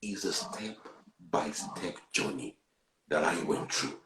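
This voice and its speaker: A man, earnestly sharing a personal testimony and swinging between hushed and loud. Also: a bass voice, slow, echoey room, crowd noise, low-quality recording. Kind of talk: candid testimony on a talk show.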